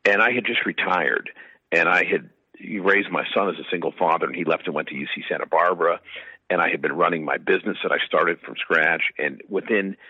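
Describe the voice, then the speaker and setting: A man's voice: sits low, a little fast, dry recording. A man guest in an interview, chatting through long rambling anecdotes with fillers, heard on slightly muffled audio. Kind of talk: casual storytelling.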